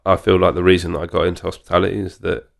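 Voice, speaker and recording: A man's voice: deep voice, level tone, very fast, creaky. A young Englishman from Cambridge, a bar owner, chatting in a laid-back way as a podcast guest. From England. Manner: laid-back, chatty, says "mate" and "quality". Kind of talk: casual podcast chat.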